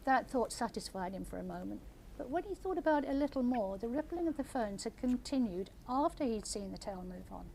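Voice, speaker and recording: An older woman, an author, reading her story aloud in a measured, gentle way and answering audience questions. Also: a little high, expressive, creaky, slight background noise. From England.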